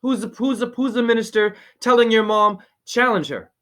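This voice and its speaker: A man giving a spiritual reading over a video call, preachy and rambling, with sudden high exclamations. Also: little pitch movement, fairly quick, a bit bright. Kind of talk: excited casual video-call chat.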